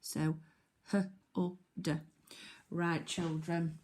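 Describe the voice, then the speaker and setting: A woman teacher leading a phonics lesson for young children, speaking clearly and encouragingly in call-and-response. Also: lowish voice, flat delivery, very slow, darkish tone, slight background noise.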